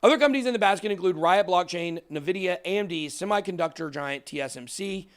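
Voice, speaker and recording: A man hosting a crypto talk show, emphatic and excitable, ranting into the camera. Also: high voice, fairly quick. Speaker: crypto channel host. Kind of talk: fired-up casual talk on camera.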